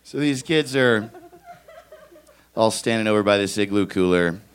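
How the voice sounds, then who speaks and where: A young man doing stand-up, telling a story with lots of energy, shouting out other people's lines and laughing as he goes. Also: fairly low pitch, a little slow, clear, resonant tone. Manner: animated, shouts kid voices, laughs at own story. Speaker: stand-up comedian.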